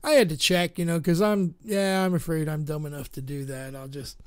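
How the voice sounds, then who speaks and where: A man with a high-pitched voice hosts a live internet radio show. He rambles in a casual, unscripted way, full of fillers and jokes at his own expense. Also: fairly even intonation, a little fast, smooth. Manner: rambling, self-mocking, many fillers.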